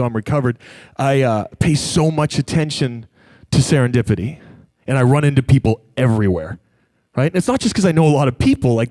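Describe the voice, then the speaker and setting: A man speaking on stage to a live audience, telling a personal story in an animated way and acting out the voices of the people in it. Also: medium pitch, no room sound. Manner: animated, acts out quoted voices.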